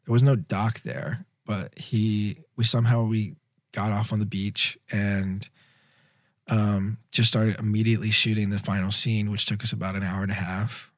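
Male director guest, lowish voice, dry close sound, loose rambling storyteller. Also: normal speed, dry recording. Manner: rambling, filler-heavy, animated storyteller. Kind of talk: casual interview storytelling.

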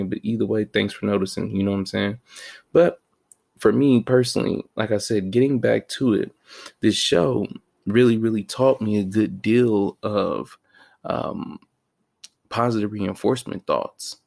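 A man's voice: lowish voice, normal speed, creaky, a little mellow, breathy edge. A man talking in a slang-heavy, rambling and self-mocking casual monologue as a podcast host.

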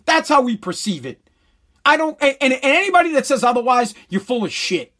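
A man's voice: extremely high pitch, big pitch swings, brisk, sharp tone. A man delivering a blunt, heated, sarcastic opinion rant full of crude swearing.

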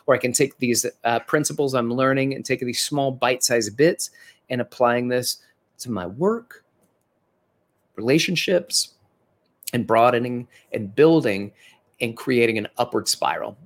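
A personal trainer and fitness educator delivers a conversational instructional lecture, earnest and encouraging, with occasional self-corrections. He speaks in a mid-range voice.

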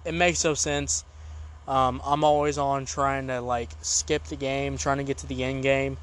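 A man's voice: medium pitch, flat delivery, unhurried, fairly bright tone, smooth. A man hosting a podcast who delivers a game review in an exasperated, ranting style full of repeated complaints.

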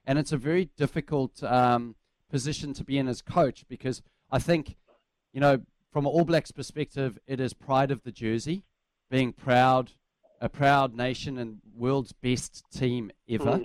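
A man speaking as a rugby guest in a radio interview, measured and reflective, with pauses and fillers. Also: medium pitch, steady tone, no room sound.

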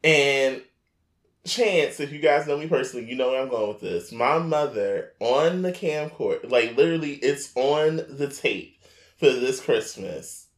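A man co-hosting a podcast, telling a story in casual chat, animated and laughing, often jumping into high shrieking impressions. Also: unhurried, echoey room. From New York area. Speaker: podcast co-host.

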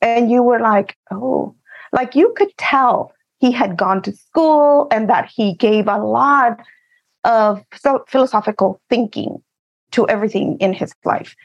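High-voiced texas woman telling an old school story, laughs a lot, kinda muffled lo-fi sound. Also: unhurried. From Eagle Pass, Texas. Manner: animated, laughs often while telling stories. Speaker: author and guest. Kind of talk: casual storytelling.

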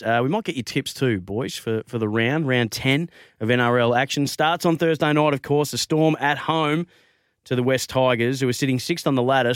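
Teasing sports radio host. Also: male voice, medium pitch, smooth, dry recording, clean studio sound. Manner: jokey, teasing, laughs often. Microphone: studio mic.

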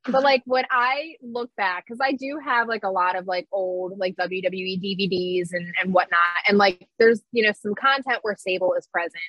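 A woman's voice: medium pitch, steady tone, normal speed, hardly any pauses, no echo, dull audio. A woman co-hosting a casual podcast chat, blunt and ranting, laughing often. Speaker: podcast co-host.

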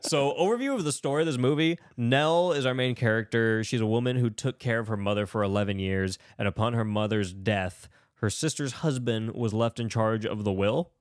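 A man co-hosting a casual podcast, recapping a movie with laughter and quick impressions of its characters. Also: mid-range voice, dry recording, studio quality. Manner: animated, laughing, mimics characters in voices. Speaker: podcast co-host.

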